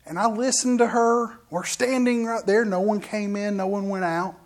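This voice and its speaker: In this sermon testimony, a middle-aged minister turns directly to the congregation with an animated story, full of asides and frequent mid-sentence restarts. The voice is mid-range, at a moderate pace.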